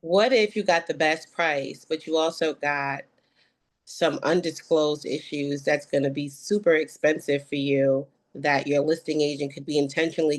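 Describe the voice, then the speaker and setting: A woman real estate agent practicing a sales script on a video call, earnest and a little halting. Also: low-pitched. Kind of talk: script practice role-play.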